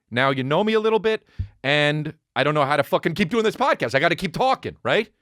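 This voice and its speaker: A man's voice: on the high side, no echo, studio quality. A man in his forties hosting a solo comedy podcast, rambling and cursing as he tells stories. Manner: profane, rambling, animated storytelling. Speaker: podcast host.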